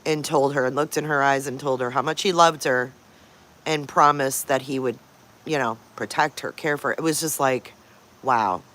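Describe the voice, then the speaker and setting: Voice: mid-range voice, fairly even intonation, normal speed, pushed and bright. A livestream host chatting casually over morning coffee, stopping often to greet viewers by name and to coo at pet dogs.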